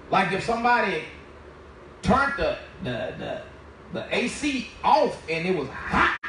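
A man preaches his testimony with a high, bright voice, telling the story with animation and slipping into the voices of the people in it. He stands away from the mic, and the room rings with heavy echo under a faint background hiss. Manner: animated storytelling, acts out dialogue. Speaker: minister giving testimony. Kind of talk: testimony sermon. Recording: very echoey, distant from the mic.

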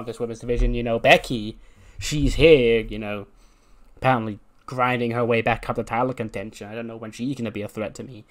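A boastful female wrestling champion, read out by a man cutting a ring promo. The voice stays at an ordinary middle pitch. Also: a bit bright, natural voice.

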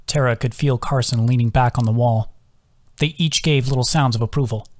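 Man reading an audiobook, measured tone. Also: mid-range voice, steady tone, darkish tone. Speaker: author reading his own audiobook. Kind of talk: audiobook narration.

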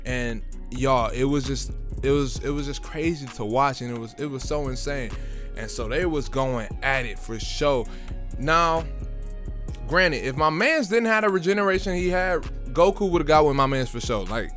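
A young man recapping a film in a casual, excited way, full of slang and stumbling over his words. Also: mid-range voice, moderate pace, faint music behind. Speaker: video creator reviewing a film.

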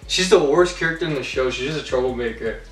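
Young dude, chill and blunt, short takes, echoey room, far from the mic. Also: male voice, mid-range voice, quick pace. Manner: blunt, laid-back, flat one-line verdicts. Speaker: co-host reacting to a trailer. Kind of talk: casual chat. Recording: echoey room, distant mic, faint music.

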